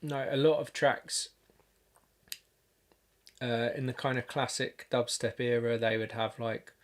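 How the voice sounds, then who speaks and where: A man producing music on a livestream, talking casually and haltingly, thinking aloud with lots of fillers and restarts. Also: mid-range voice, steady tone. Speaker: music producer streaming a session.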